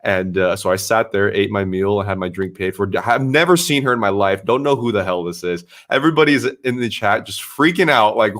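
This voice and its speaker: A man who live streams, excitedly retelling an adventure in a casual, swearing chat. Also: fairly low pitch, fairly quick, few pauses.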